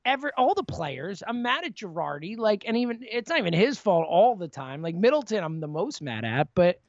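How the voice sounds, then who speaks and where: A fairly high-voiced man co-hosting a casual sports podcast. He rants with animated, frustrated energy and keeps restarting his sentences. His voice sounds close, dry and a bit dull. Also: fairly quick, no room sound.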